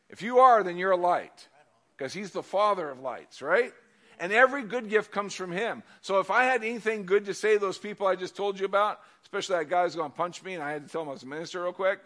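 A man preaching a casual sermon, moving between loud emphasis and quiet asides, often repeating words as he goes. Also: high voice, fast talker.

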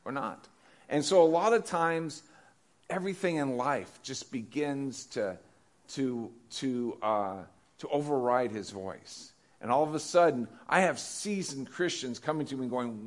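A man's voice: fairly high pitch, lively intonation, a little slow. A male pastor preaching a conversational sermon, often repeating questions to the congregation.

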